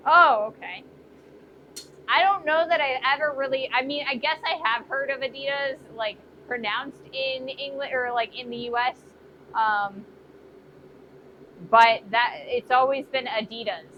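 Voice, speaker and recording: A woman's voice: high voice, measured pace. A woman blacksmith chatting casually on a live stream as she works in her workshop, musing aloud and answering viewer comments. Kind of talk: casual live-stream chat while forging. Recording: dull lo-fi stream audio with faint noise.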